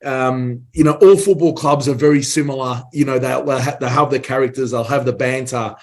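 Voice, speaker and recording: A man hosting an interview, making measured reflective points. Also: mid-range voice. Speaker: podcast host. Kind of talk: conversational interview.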